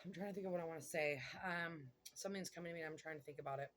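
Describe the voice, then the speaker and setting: A woman giving a casual tarot reading, chatty and excitable, thinking aloud and swearing now and then. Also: sits low, rapid-fire. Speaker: tarot reader.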